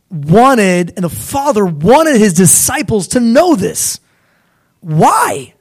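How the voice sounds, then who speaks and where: With a high-pitched voice, a young preacher keeps his sermon animated and chatty, sometimes slipping into the voices of figures from the Bible.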